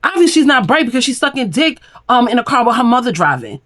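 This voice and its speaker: Animated high-voiced woman recapping. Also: fast talker. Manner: animated, opinionated retelling with quoted voices. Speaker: reality TV recap host. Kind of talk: casual recap commentary.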